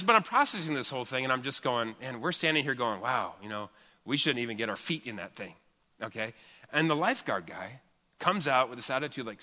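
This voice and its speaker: A man telling a story in a chatty, animated way as a pastor during a sermon. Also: mid-range voice. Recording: long hall reverb.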